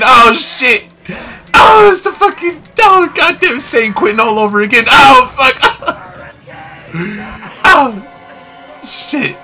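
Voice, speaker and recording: A man doing let's play commentary on a horror game, swearing constantly in slang and yelling when he panics. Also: very high-pitched, big pitch swings, takes it slowly, over music. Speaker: gamer playing a horror game.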